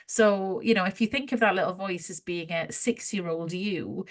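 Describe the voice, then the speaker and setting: Chatty woman, warm and animated. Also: lowish voice, moderate pace. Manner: chatty, animated, laughs often. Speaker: podcast co-host. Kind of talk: casual spiritual chat.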